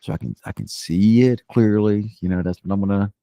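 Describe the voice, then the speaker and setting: A man's voice: lowish voice, fairly even intonation, fairly quick, warm tone, dry recording. A man in casual group chat, rambling with restarts and playfully judgmental. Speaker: co-host.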